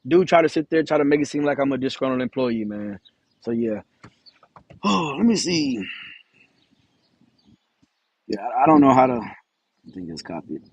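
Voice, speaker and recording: A man's voice: medium pitch, big pitch swings, moderate pace, long pauses, husky, no room sound. A man, a truck driver telling a story in a casual vlog, talking candidly with some swearing and acting out the voices of the people in it. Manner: candid, profane, acts out quoted dialogue.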